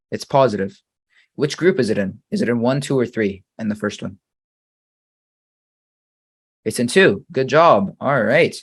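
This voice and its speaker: A man teaching an English grammar lesson, reading example sentences slowly and quizzing the viewer patiently. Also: medium pitch.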